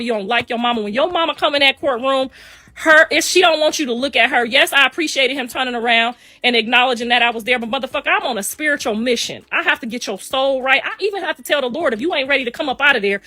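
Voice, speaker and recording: A woman's voice: high-pitched, fast talker, bright, forceful tone, dry recording. A middle-aged mother ranting on a livestream in a casual, emphatic way, repeating her phrases. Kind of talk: casual rant.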